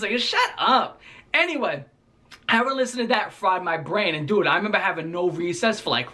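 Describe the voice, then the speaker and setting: Animated, profane young man telling a story. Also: high voice, fairly quick. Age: 20s. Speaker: storytime vlogger. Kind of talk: casual storytelling.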